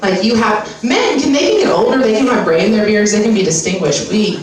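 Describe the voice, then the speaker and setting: Her voice sits in the mid-range, a little fast with lively intonation and hardly any pauses, as this 30s American stand-up comic mimics a pushy skincare advertiser. She's brash and profane, spinning it like a casual story. The set was recorded from a distance in an echoey live venue with an audience, crowd noise audible.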